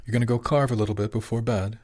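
A man voicing a gentle, affectionate wife who talks in a warm, reassuring way. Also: mid-range voice, steady tone, rapid-fire, natural voice. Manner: warm, reassuring, softly teasing. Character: affectionate wife, middle-aged woman, gentle.

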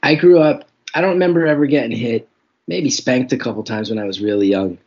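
Husky New man, reflective. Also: mid-range voice, brisk, darkish tone. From New Jersey. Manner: reflective, self-deprecating, frank. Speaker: guest comedian. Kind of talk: candid interview storytelling. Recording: dull lo-fi recording.

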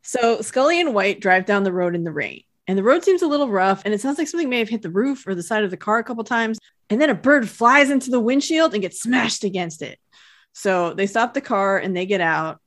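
Woman co-host, relaxed TV recap chat, chatty delivery. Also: medium pitch, brisk. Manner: chatty, laughs while retelling scenes. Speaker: podcast co-host.

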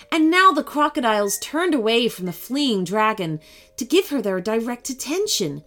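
Expressive woman reading a kids' story. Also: mid-range voice. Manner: expressive, dramatic storybook delivery. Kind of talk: scripted children's story narration.

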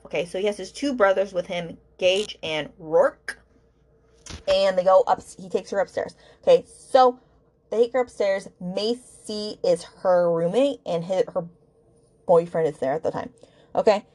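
A woman's voice: lowish voice, dark tone. A woman hosting a book podcast, ranting casually in an exasperated, rambling way with lots of fillers.

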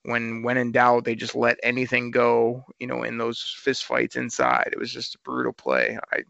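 Gravelly, bright-voiced man talking sports. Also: mid-range voice, normal speed, no room sound, muffled recording. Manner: animated, frustrated game breakdown. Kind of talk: casual sports talk.

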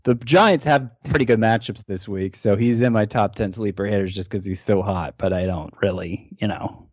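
Male co-host, mid-pitched, thinks out loud with restarts; dull, dry remote audio. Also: moderate pace, no echo. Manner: hesitant, restarts often when explaining. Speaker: fantasy baseball analyst. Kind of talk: fantasy baseball podcast chat.

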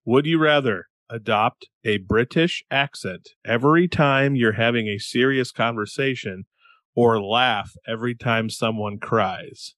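A man's voice: mid-range voice, a little slow, a bit bright, no room sound, studio quality. A man co-hosting a podcast in casual chat, joking and laughing often while he talks. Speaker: podcast co-host.

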